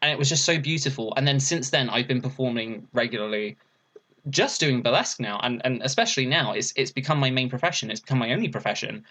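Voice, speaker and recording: Quick-paced and forceful, with a bright tone and lively intonation, this young man is a burlesque performer guesting on a podcast. He tells a story in a casual way, laughs frequently, and raises his voice to act out quotes.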